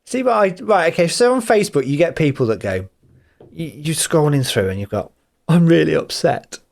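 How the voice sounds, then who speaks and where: A man's voice: fairly high pitch, fairly quick. Teasing man, podcast co-host. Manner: animated, mimics other people's voices for laughs. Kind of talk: casual chat.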